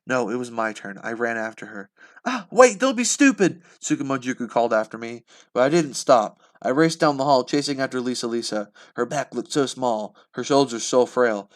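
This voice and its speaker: A man reading a novel aloud live for the first time, expressive, with slips and restarts. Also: mid-range voice, fairly quick, hardly any pauses. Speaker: channel host reading aloud.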